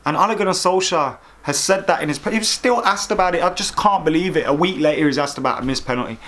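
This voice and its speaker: A man's voice: a little high, quick pace, a bit bright. Sarcastic football vlogger, man. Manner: exasperated, sarcastic ranting. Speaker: football fan vlogger host. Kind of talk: opinionated fan commentary.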